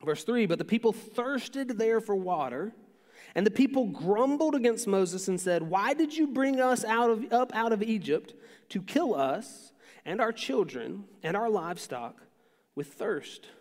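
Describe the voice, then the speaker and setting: A man's voice: sits high, lively intonation, unhurried, in a large hall. A man preaching a sermon as a pastor, in a conversational way that acts out the quotes he tells.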